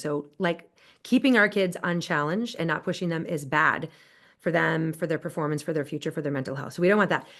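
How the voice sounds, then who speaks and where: A woman guest on a podcast, explaining research in an enthusiastic, conversational way. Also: on the low side. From United States. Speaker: podcast guest, positive psychology expert. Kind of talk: conversational interview. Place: Southern California.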